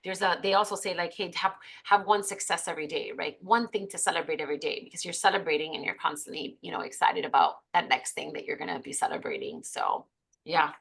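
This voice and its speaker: A woman's voice: on the low side, expressive, fast, vocal fry, fairly bright tone, husky. A woman leading her sales team in a casual training chat, upbeat and chatty with many fillers. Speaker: team leader of beauty consultants.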